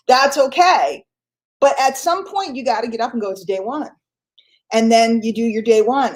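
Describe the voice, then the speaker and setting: A middle-aged woman giving an emphatic, energetic motivational morning talk to her business team, often laughing. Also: mid-range voice. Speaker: network marketing trainer.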